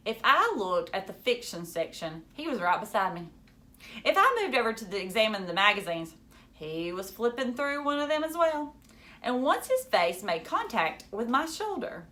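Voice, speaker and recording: A woman reading a novel aloud to a class, expressive, stopping now and then to comment and laugh. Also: medium pitch.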